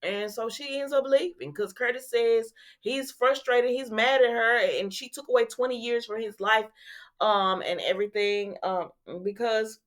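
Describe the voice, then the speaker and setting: Chatty woman recapping soap episodes. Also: medium pitch. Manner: animated, acts out the quotes, laughs often. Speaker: soap opera recap vlogger.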